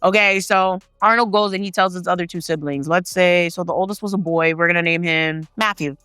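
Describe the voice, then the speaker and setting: A woman's voice: lowish voice, steady tone, fairly quick, bright, forceful tone, clear, resonant tone, dry recording, clean studio sound, soft background music. A woman telling a paranormal story in a casual, chatty way, swearing freely and talking straight to her viewers. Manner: chatty, profane, addresses the viewers directly.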